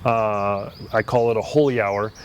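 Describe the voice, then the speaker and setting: A man's voice: fairly low pitch, fairly even intonation, unhurried, dull audio, a little hiss or hum. A man who is a priest, talking in an earnest, reflective way in a casual conversation and often restarting his sentences.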